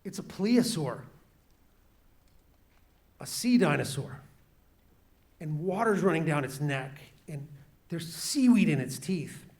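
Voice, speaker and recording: A man, an author, telling a story to students in an animated way, slowing down and quieting for drama. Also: fairly high pitch. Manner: animated, shifts pace and volume for drama. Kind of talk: storytelling talk to a class.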